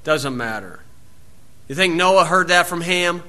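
A man preaching a sermon in a folksy storytelling way, acting out the people in his stories and shouting out scripture. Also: on the high side, expressive, unhurried. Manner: folksy storytelling, acts out voices, loud shouted quotes.

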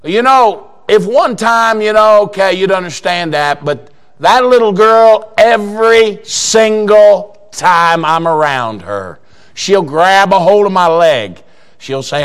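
A man delivers a sermon in a slow, unhurried, folksy way. His voice sits a bit high for a man. He moves between quiet, homey storytelling and loud, shouted exhortation. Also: expressive, smooth. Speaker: preacher.

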